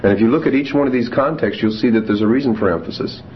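A man teaching a Greek grammar class, reading Greek examples slowly and then explaining them with fillers. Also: medium pitch. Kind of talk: classroom lecture. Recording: dull lo-fi classroom tape, faint hiss.

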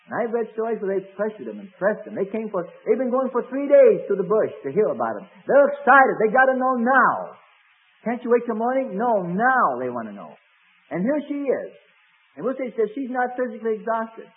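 A man's voice: high-pitched, very animated, fairly quick, phone-quality sound. A man preaching a sermon as pastor, telling stories with many fillers and acted quotes.

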